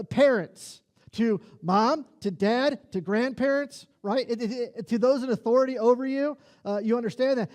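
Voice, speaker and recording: A man's voice: very high-pitched, a little mellow. A male lead pastor with an Upper Midwest American accent, preaching a conversational sermon, chuckling at his own jokes and repeating key lines.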